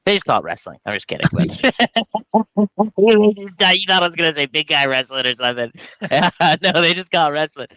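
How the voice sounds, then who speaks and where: A male comedian rambles through jokes and tangents in loose podcast banter. His voice is bright and forward, recorded dry and a little dull. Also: a little high, moderate pace, no echo. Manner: jokey, rambling, animated bits. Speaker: comedian guest. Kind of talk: casual podcast chat.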